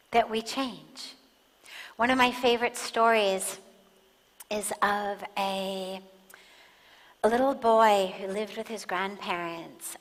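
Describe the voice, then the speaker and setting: A woman giving a spiritual talk, calm and measured, pausing for emphasis as she tells a story. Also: medium pitch. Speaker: spiritual teacher. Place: large satsang hall. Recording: long hall reverb.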